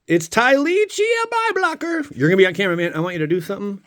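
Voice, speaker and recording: Rapid-fire and high-pitched, this card-opening channel host has a slightly bright voice with huge swings in pitch. The adult dad of a young child keeps things playful and jokey, talking straight to his audience in a casual vlog.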